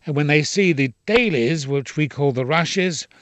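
An older man, an actor, telling indignant, expressive anecdotes in an interview. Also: fairly high pitch, unhurried, no room sound. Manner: expressive, indignant storyteller with quoted voices.

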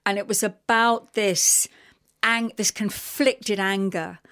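A middle-aged woman with a London accent, a radio guest telling an animated, emotional story with many fillers. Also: medium pitch, takes it slowly, smooth. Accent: London English. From England. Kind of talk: casual radio interview chat.

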